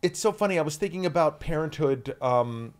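A man's voice: fairly high pitch, lively intonation, a little fast, smooth. Man, 40s, East Coast-raised, rambling chatty interview guest. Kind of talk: casual interview chat.

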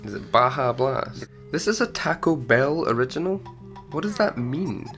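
A man's voice: mid-range voice, expressive, moderate pace, a bit bright, soft background music. A man casually bantering while playing a video game with a friend, laid-back and laughing often. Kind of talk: casual let's-play banter.

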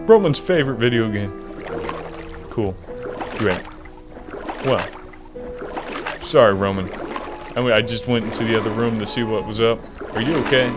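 A young man giving casual, jokey gameplay commentary, rambling and laughing often. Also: mid-range voice. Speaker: gaming video host.

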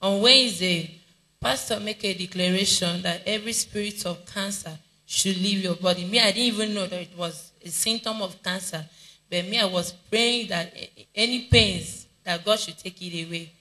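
Nigerian guy giving his church testimony, earnest, halting, bright tense voice. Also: high-pitched, rough recording. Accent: Nigerian English.

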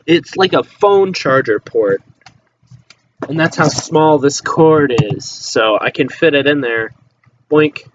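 A man's voice: on the high side, a little hiss or hum. Rambling teen guy on a dull laptop mic. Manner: rambling, offhand, swears casually, trails off into mutters. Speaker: vlogger. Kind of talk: casual rambling chat to camera. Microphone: laptop microphone.

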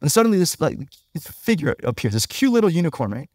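A male pastor delivers a sermon in a relaxed, conversational tone, often turning to the congregation with a quick "right?" His voice sits fairly high for a man. The recording is dry and close, with no room echo.

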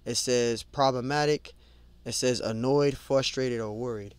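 A man leading a casual Bible study in a mid-range voice, reading verses aloud slowly and then explaining them in loose, repetitive talk. His sound is close and dry, with no room around it. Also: mid-range voice, steady tone, clear, resonant tone, no room sound. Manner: conversational, repeats and restarts words, adds "man" and "you know"; reads scripture aloud slowly, then lists word meanings. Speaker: Bible teacher.

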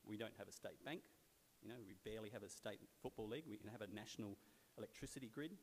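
A man's voice: fairly low pitch, fast talker. A man in his forties with an Australian accent, giving a wry, anecdotal speech to a club gathering in a large venue, loosely conversational with plenty of fillers. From South Australia. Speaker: guest speaker at a club luncheon. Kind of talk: anecdotal after-dinner speech. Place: large event venue in a sports stadium. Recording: long hall reverb, faint hiss.

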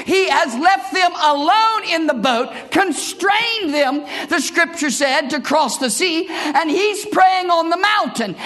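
A man preaching a sermon in church as pastor, building from measured storytelling into impassioned, shouted bursts. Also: very high voice.

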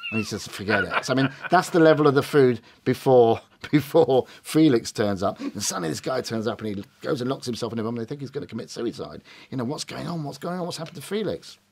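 Man, middle-aged, film review chat, animated, retells scenes in quoted voices. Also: mid-range voice, quick pace, gravelly, few pauses. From Britain. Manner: animated, acts out quoted lines in varied voices.

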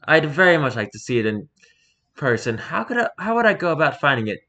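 A man voicing a calm male doctor who questions his subject in a quiet, measured way. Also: on the high side, full character voice. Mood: probing. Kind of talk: reading an interview aloud in character.

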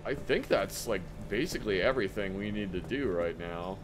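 A man giving casual live gameplay commentary as a streamer, talking to himself and breaking into excited outbursts. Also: moderate pace, noisy background. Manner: excitable, talks to himself, sudden squeaky outbursts.

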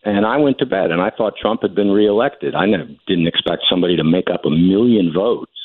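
A man in his fifties from New Jersey, a political journalist calling in, speaking in a measured, skeptical way over a telephone. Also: sits low, husky, no room sound. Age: 50s. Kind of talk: phone-in interview. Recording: tinny phone line.

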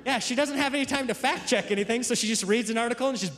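A male stand-up comedian telling animated stories to a live audience. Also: very high-pitched, very fast. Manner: animated storytelling. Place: comedy club stage. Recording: echoey venue with audience noise.

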